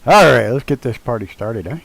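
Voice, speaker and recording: A man's voice: medium pitch, expressive, a little fast, creaky, fairly bright tone, rough recording. Laid-back swearing male game streamer. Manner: loose, swears freely, chats with viewers while doing cockpit tasks. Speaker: live streamer. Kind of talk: casual live-stream chat while flying a flight sim. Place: at home with his dog nearby.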